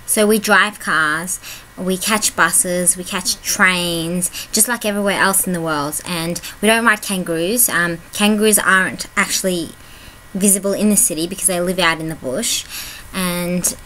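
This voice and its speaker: A woman's voice: lowish voice, unhurried, bright, forceful tone, a little hiss or hum, rough recording. A young Australian woman with an Australian accent, talking casually to her camera and answering common questions with dry, teasing humor and frequent "um"s. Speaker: vlogger. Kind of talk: casual vlog talk to camera.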